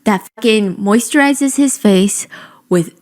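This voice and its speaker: A woman telling a funny story in a casual, expressive, joking way. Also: mid-range voice, slow. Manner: animated, expressive, jokey. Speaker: storyteller in a played clip.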